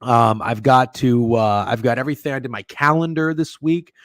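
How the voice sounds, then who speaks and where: A man's voice: medium pitch, fairly even intonation, normal speed, no echo. A man hosting a sports betting livestream, chatting casually with chat and co-hosts in a rambling, profane, joking way, with a sore throat and a cough, close to the microphone. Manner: rambling, profane and joking, with sudden loud outbursts. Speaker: sports betting stream host. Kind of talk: casual livestream chat reading viewer messages. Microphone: close studio microphone.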